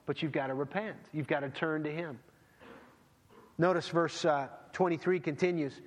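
Guy preaching a sermon, kinda high voice, chatty, acts out little dialogues, big echoey church. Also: steady tone, normal speed. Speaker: pastor.

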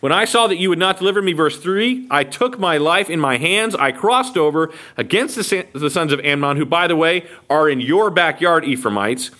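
A man's voice: fairly high pitch, moderate pace, hardly any pauses. A man with an American accent teaching the Bible verse by verse, acting out the quotes and checking in with listeners. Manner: animated, acts out quotes, asks listeners okay.

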